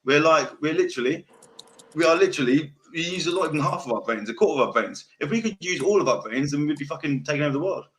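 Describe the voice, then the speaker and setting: A man's voice: fairly high pitch, lively intonation, quick pace, a bit bright, a little hiss or hum. A young man with a South London accent hosting a podcast, chatting casually in a rambling, sweary way and repeating himself. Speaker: podcast host. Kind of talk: casual chat.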